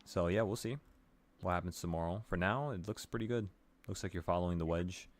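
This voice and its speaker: A man's voice: low voice, fairly quick. A man hosting a casual late-night trading stream, walking through charts in a loose, offhand way and swearing now and then. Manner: relaxed, swearing, talks to viewers with "bro".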